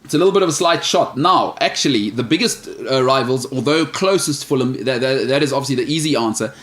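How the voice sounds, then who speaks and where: A man's voice: medium pitch, quick pace, a bit bright. Joking, opinionated male sports host. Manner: opinionated, joking, stumbles over names. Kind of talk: casual sports chat reading viewer questions.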